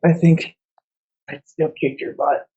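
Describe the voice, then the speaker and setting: A man's voice: on the high side, flat delivery, unhurried, a little mellow, breathy edge, muffled recording. A man voicing a wounded young woman fighter who teases drowsily. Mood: teasing.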